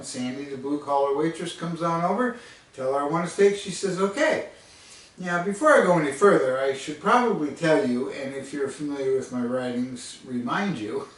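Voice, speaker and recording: A man's voice: a little high, fairly bright tone. A man telling a humorous personal story in a rambling, self-mocking way, chuckling often. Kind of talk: casual storytelling vlog. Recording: distant mic in a very echoey room.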